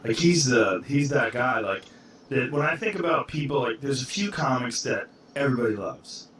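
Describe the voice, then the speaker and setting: A man's voice: medium pitch, animated, moderate pace, a bit bright. Male host, mid-range voice, rambling casual talk, heard from a distance with background noise. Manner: loose, rambling, says "like" often. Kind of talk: casual podcast chat.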